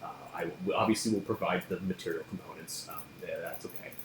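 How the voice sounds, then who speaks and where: A man's voice: sits low, quick pace, noisy background, close to an everyday voice. A man voicing a stern, intense male magic professor who talks curtly and formally, in an echoey room. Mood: lecturing. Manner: curt, formal and impatient.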